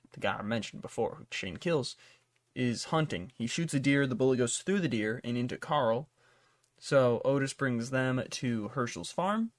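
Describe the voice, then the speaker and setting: A man's voice: medium pitch, dry recording. A man hosting a podcast, rambling through a casual plot recap full of swearing and fillers. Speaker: podcast host. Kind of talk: casual chat.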